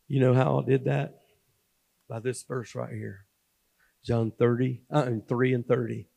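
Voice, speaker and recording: A man gives a sermon testimony from a church platform in a mid-pitched voice. His folksy delivery swings between loud, emphatic preaching and hushed, confiding asides. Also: fairly even intonation, normal speed, creaky, pauses often. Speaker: guest speaker at a church. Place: church sanctuary.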